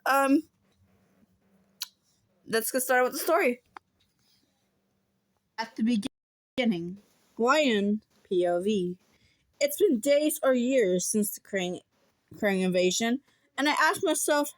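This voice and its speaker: Slow, halting woman reading fan fiction. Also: fairly high pitch, expressive, no room sound. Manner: halting reading, self-corrections and giggling asides. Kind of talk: casual story reading. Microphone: phone.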